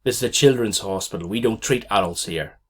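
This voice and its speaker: A man reading an audiobook, voicing a brisk, disapproving young hospital receptionist. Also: fairly low pitch, slightly rough. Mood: stern.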